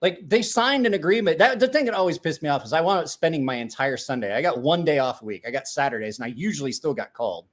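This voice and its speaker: A man's voice: fairly high pitch, lively intonation, quick pace, few pauses. A man in his forties, a podcast host telling stories in casual chat, rambling and profane, with restarts.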